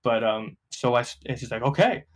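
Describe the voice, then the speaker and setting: A young man from New Jersey, appearing as a podcast guest, tells stories casually in a medium-pitched, brisk voice. He swears freely and animatedly acts out the voices of the people he's quoting.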